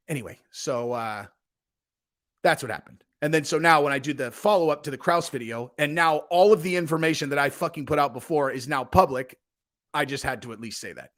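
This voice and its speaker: A man's voice: a little high, brisk, a bit bright. A young man hosting his own vlog, telling a rambling, heated, profane story with lots of fillers. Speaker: channel host. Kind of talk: ranting casual vlog.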